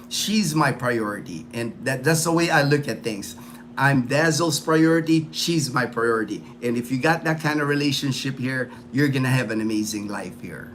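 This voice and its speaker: A man's voice: on the high side, fairly bright tone, a little hiss or hum. A man hosting a casual livestream chat, rambling and repeating himself with lots of fillers. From United States. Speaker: livestream host.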